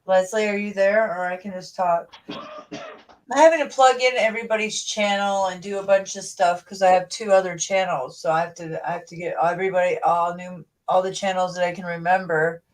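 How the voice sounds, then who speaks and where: Talking quickly into a mic that sits a little far away, a livestream host keeps her lowish voice steady. She rambles casually and keeps interrupting herself partway through sentences.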